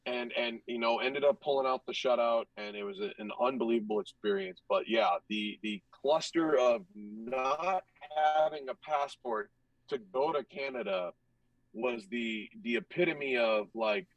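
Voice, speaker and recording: A young man, a hockey goaltender guest, telling stories in a casual, animated and profane way, acting out what others said. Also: medium pitch, normal speed, dry recording, recorded from a distance, highs cut off. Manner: animated, profane, acts out other people's lines. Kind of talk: casual storytelling.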